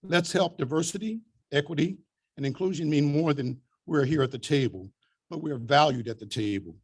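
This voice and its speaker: A man's voice: on the high side, fairly quick, husky. Older man giving an earnest award speech. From Des Moines, Iowa. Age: over 70. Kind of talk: prepared speech at an awards event.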